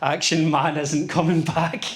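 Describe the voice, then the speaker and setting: A male poet performing a poem live on stage, rattling off lists in a rhythm and adding amused asides. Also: fairly high pitch. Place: bar venue, live event. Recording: echoey room with faint noise.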